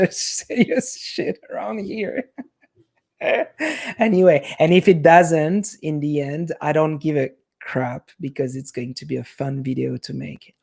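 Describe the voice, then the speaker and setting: A man's voice: fairly high pitch, creaky, darkish tone. A man with a French accent, chatting casually with viewers on a live stream in a rambling way. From half Italian. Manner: rambling, chatty, restarts often.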